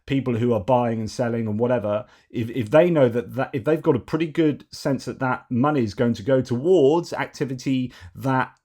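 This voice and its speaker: A man's voice: medium pitch, moderate pace, hardly any pauses, mellow. A man hosting a news commentary show, talking in a digressive, argumentative way with many fillers and restarts. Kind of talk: opinionated news commentary monologue.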